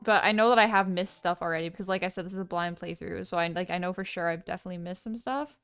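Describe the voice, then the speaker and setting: A woman's voice: fairly low pitch, fast, fairly bright tone, smooth, dry recording, clean studio sound, faint music behind. A woman hosting a blind let's play, rambling casually as she comments. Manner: rambling, lots of "like" and restarts.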